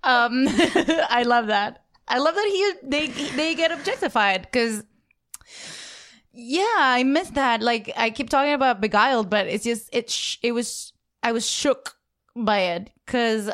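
A woman co-hosting a podcast in casual chat, animated and laughing often. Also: fairly high pitch, measured pace. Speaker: podcast co-host.

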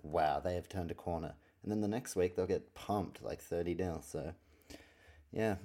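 A man's voice: low voice, warm tone. A man hosting a podcast from his room at night, chatting casually, swearing often and drifting off topic. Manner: rambling, swears a lot, easily sidetracked. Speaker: podcast host. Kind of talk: casual solo sports talk.

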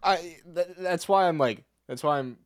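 A man's voice: fairly high pitch, moderate pace, no room sound, studio quality. A man hosting a podcast, chatting casually about baseball in a rambling way with many restarts. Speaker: podcast host. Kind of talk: casual sports chat.

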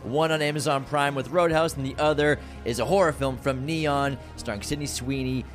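A man's voice: medium pitch, normal speed, soft background music. A man co-hosting a movie review podcast, talking in an amped-up, playful, casual way. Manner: hyped, playful, animated delivery. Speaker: podcast co-host.

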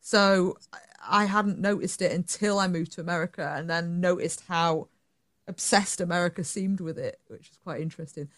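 A woman's voice: fairly low pitch, moderate pace. Chatty northern English woman. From northern England. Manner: chatty, animated, laughs easily. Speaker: podcast guest. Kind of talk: casual chat.

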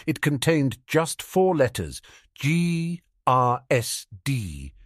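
Guy narrating a fanfic audiobook, super expressive, dry close mic. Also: mid-range voice, takes it slowly, dry recording. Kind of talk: fan fiction audiobook narration.

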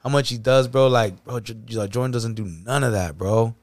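A man's voice: mid-range voice, normal speed, no echo. A man on a casual podcast, telling stories animatedly, acting out the people he quotes and swearing freely. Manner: animated storytelling, acts out quotes, profane. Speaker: podcast co-host. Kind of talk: casual chat.

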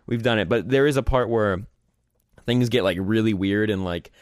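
Male podcast co-host, somewhat low voice, casual recap style, dry close mic. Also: normal speed, darkish tone, clear, resonant tone, no room sound. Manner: storytelling, heavy use of "like". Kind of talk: casual chat about comics.

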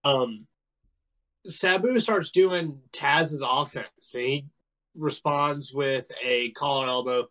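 Man, podcast co-host, laid-back casual chat, mid pitch. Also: slow pace, fairly bright tone, rough recording.

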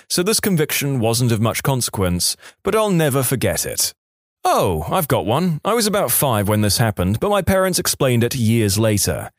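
A man's voice: medium pitch, dry recording, studio quality. A man narrating online stories as the host of a story channel, with wry asides. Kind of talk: reading reddit stories aloud.

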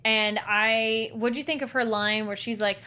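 Bright-voiced animated woman podcaster. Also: a little high, unhurried, clean tone. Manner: animated, acts out quotes, laughs often. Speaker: podcast co-host. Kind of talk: casual chat recapping a TV episode.

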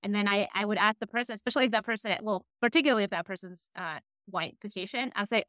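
A woman's voice: medium pitch, fast, few pauses, sharp tone, smooth, no room sound. A woman from Peru hosting a podcast, chatting casually and laughing often as she shares personal stories with her guest. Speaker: podcast host. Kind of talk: casual interview chat.

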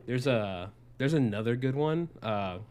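A man's voice: medium pitch, lively intonation, a little slow, darkish tone, a little hiss or hum. A young man casually telling a rambling, profane story on a podcast, with lots of fillers. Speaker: podcast co-host. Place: Arizona.

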